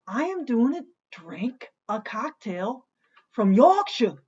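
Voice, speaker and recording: A woman's voice: a little high, very animated, slow pace, a little mellow, husky, dull audio. A woman hosting a casual home cocktail vlog, talking in a playful, jokey way and bantering with herself by name. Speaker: host of a home cocktail show.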